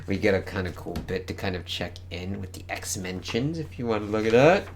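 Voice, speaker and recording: An excitable man chatting through a comic issue, his pitch bouncing all over. He swears freely and gets carried away by the pages. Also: a little fast, noisy background. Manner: enthusiastic, swears often, reads panel dialogue aloud. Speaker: comic book reviewer. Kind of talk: casual comic review.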